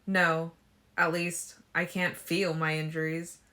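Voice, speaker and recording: A woman reading an injured, jealous teenage boy in a fan audiobook, loud and blunt. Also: deep voice, level tone, slow pace, exaggerated voice. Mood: groggy teasing.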